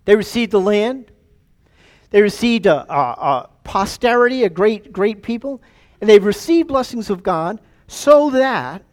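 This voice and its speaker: Animated high-voiced male pastor preaching. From United States. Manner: animated, engages the congregation, repeats words. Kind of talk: sermon. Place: church sanctuary.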